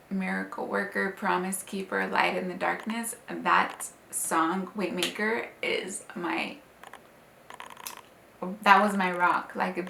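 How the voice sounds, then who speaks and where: A young woman speaks in a casual, emotional way, full of "like" and "um," as a new mother sharing her story. Her voice sits at a middle pitch. The room adds a light echo over a faint background hum. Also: fairly bright tone. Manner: emotional, tender, many "like" and "um" fillers. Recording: slightly roomy with faint ambience.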